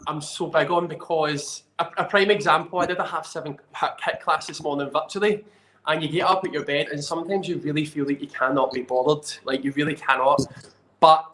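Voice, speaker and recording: A man's voice: a little high, a bit bright. Earnest man in a roomy echo. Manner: earnest, enthusiastic, restarts often. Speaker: fitness trainer, guest. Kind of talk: casual conversational interview.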